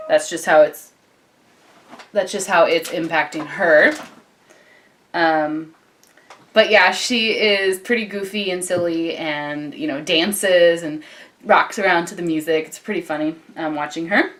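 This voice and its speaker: A woman's voice: on the low side, normal speed, fairly bright tone. A young woman, a mother and vlogger, chatting casually to the camera at home, with plenty of ums and likes. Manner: chatty, many ums and likes, breaks off to talk to baby. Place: home, indoors. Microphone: camcorder on a tripod.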